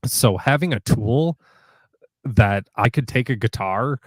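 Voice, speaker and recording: A man's voice: medium pitch, lively intonation, slow pace, dry recording. A man who plays guitar, talking casually and rambling with many restarts and false starts. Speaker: guitar player guest. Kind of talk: casual conversation.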